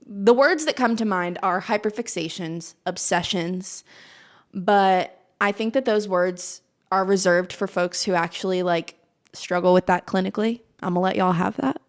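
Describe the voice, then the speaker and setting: A chatty young woman in her twenties rambles to the camera in a loose stream-of-consciousness vlog. She puts on a slight Southern twang, laughs at herself often and keeps her voice at an everyday middle pitch. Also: normal speed. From Maryland. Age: 20s. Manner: chatty and animated, self-mocking, laughs often. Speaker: vlogger. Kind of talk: casual stream-of-consciousness chat.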